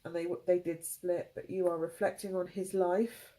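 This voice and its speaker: A woman's voice: fairly low pitch, flat delivery, poor audio. Tearful woman reading tarot. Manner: halting, emotional, gentle phrasing. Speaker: tarot reader.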